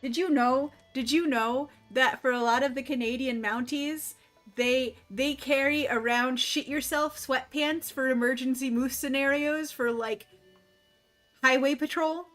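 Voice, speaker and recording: Chatty woman streamer, bright voice. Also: high-pitched, fairly even intonation, a little slow, faint music behind. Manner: rambling, chatty, laughs often. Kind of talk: casual chat while gaming.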